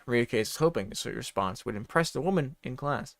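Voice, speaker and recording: A man's voice: medium pitch, animated, fairly quick, gravelly, hardly any pauses, dry recording, clean studio sound. A man reading a comedy story aloud in a mock-dramatic voice, breaking off for swearing asides.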